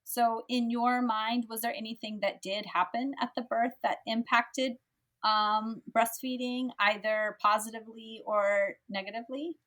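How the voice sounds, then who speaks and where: A woman hosting a podcast interview talks in a reassuring, affirming way. Her voice sits a little high. The conversation is casual. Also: fairly even intonation, a little slow, a bit bright. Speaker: podcast host, lactation consultant.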